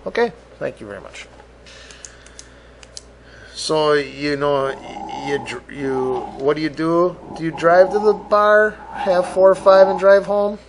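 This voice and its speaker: A man's voice: a little high, fairly even intonation, takes it slowly, background noise. A man hosting a podcast, ranting profanely and exasperated, acting out both sides of imagined conversations. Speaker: podcast host. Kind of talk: solo rant podcast.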